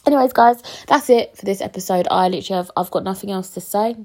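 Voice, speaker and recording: A woman's voice: mid-range voice, fast, warm tone. Downcast young woman venting. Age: 20s. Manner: rambling, swears freely, many fillers. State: sick, drowsy and upset. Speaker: podcast host. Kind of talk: casual solo podcast chat.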